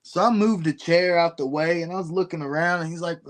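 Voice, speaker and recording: A man's voice: a little high, a little fast. Laid-back, slangy male podcast host. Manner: laid-back, slangy, keeps saying bro. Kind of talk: casual podcast chat.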